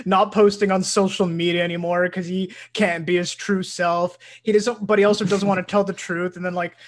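A man's voice: sits high, level tone, a little fast, slight background noise. A young man co-hosting a casual podcast, teasing his co-host with dry ribbing. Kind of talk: casual chat.

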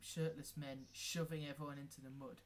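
A man's voice: medium pitch, little pitch movement, moderate pace, crowd noise. A young man, co-hosting a podcast in casual chat and ranting sarcastically with swearing. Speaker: podcast co-host.

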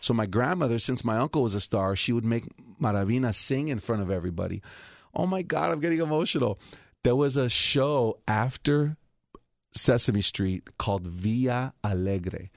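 A man with a gravelly, fry-tinged voice tells family stories in a lively, animated way, slipping into his relatives' voices. The sound is dry and close, with no room echo. He is a talk show guest speaking in a recording studio. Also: medium pitch, normal speed. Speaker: guest storyteller. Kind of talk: casual anecdote on a talk show.

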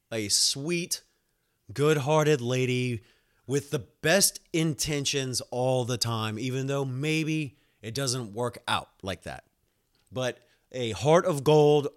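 A man hosting a casual podcast, telling a long story with laughs, swearing and quick acted-out quotes. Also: medium pitch. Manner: animated, laughing, swearing, acts out voices in quotes. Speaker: podcast host.

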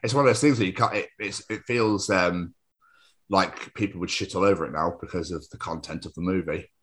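A man's voice: sits low, fairly quick, fairly bright tone. A Scottish man co-hosting a podcast in casual chat, joking and swearing freely. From Scotland. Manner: jokey, swears freely, rambling asides. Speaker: podcast co-host.

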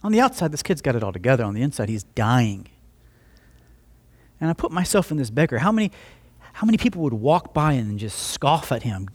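A man delivers a conversational sermon as pastor, his medium-pitched voice sing-song and a little fast. He tells a story, takes on both roles in the dialogue, and keeps restarting with repeated words.

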